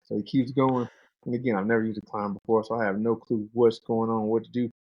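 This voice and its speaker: A man in his thirties, a guest on a podcast, telling hunting stories casually and acting out his friends' lines in a higher voice. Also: quick pace, dry recording, muffled recording. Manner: animated, acts out quoted friends in a higher voice. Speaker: guest, pro fighter and bow hunter. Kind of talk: casual storytelling.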